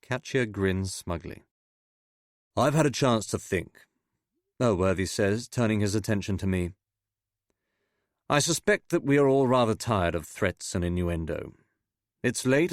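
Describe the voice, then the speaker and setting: A man reads a spy novel in a measured, steady narration. His voice sits low, and the sound is close and dry with no room around it. The characters get only slight changes from his own voice. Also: no echo. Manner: measured reading, voicing characters with little change. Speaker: audiobook narrator. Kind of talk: scripted audiobook narration.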